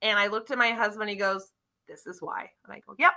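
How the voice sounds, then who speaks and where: A woman guest on a car podcast, telling animated stories and acting out quotes with lively voices. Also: mid-range voice, brisk, low-quality recording. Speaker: guest, car club member. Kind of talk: casual interview storytelling.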